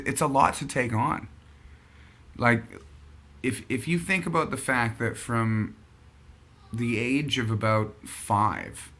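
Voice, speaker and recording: A man's voice: mid-range voice, bright, forceful tone. A man hosting a casual chat show, rambling and thinking aloud as he talks. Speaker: podcast host.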